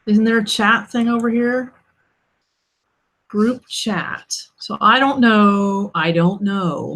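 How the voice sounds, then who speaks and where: A woman author hosting her own live stream in casual chat, irritated and snarky but laughing it off. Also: fairly high pitch.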